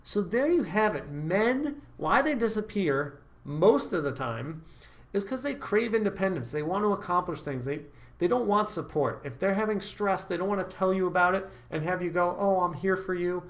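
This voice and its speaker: A fairly high-pitched man talks straight to his viewers as a dating coach. He is upbeat and emphatic and keeps checking in with quick asides. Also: animated. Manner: upbeat, emphatic, frequent "all right?" check-ins. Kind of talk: direct-to-camera advice talk.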